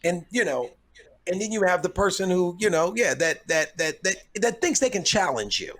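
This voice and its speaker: A middle-aged man, a guest comedian on a podcast, whose voice sits a little high for a man. He talks thoughtfully and loops back over his words before landing each story. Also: expressive, moderate pace, a bit bright. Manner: thoughtful, repeats himself as he gathers his thoughts. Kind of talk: casual chat, storytelling.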